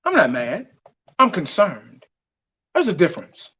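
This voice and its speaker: A man's voice: high voice, wildly swooping pitch, measured pace, sharp tone, slightly rough. A man giving blunt, heated fan commentary on his vlog, laughing mockingly as he rants. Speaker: fan vlogger. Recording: dull lo-fi audio.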